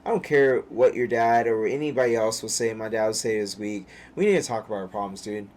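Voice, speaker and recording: A former pro soccer player, guesting on a podcast, talks casually with emphatic, profane conviction and turns preachy when things get serious. His voice is fairly low, a little fast, and somewhat dark in tone.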